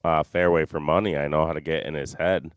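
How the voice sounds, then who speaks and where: Man, deep voice, smooth, animated storytelling, dry sound. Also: a little fast, no room sound. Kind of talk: casual storytelling.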